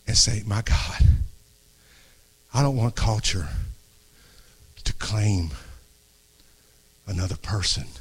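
A middle-aged man preaching an impassioned sermon to a congregation, dropping to a hush and then rising, often restarting phrases. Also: sits low, gravelly, husky. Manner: earnest, swings from hushed to raised, restarts phrases. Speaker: pastor. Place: church before a congregation.

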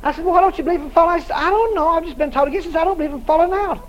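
A man's voice: extremely high pitch, very fast, dull audio, slight background noise. A male preacher telling a story in a sermon, acting out both sides of the conversation and often laughing as he tells it.

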